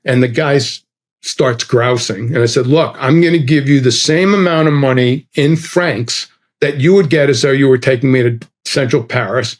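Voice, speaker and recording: A man's voice: medium pitch, moderate pace. A middle-aged man with a mid-range voice recounts a travel mishap in an easy, conversational way. He acts out the lines of the people in the story, shifting his delivery for each one. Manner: animated, acts out dialogue with quoted voices. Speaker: guest storyteller. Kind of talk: casual anecdote telling.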